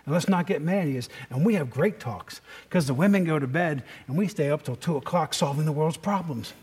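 A man's voice: on the high side, fairly quick, darkish tone, breathy edge. A middle-aged man preaching a sermon in a conversational way, often asking the congregation questions. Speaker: pastor.

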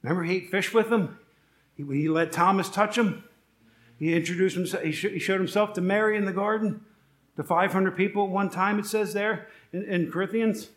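A middle-aged pastor with a notably high voice preaches to his congregation. He keeps it conversational, tossing rhetorical questions at the room and dropping light joking asides between points. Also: brisk, fairly bright tone, roomy sound. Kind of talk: sermon.

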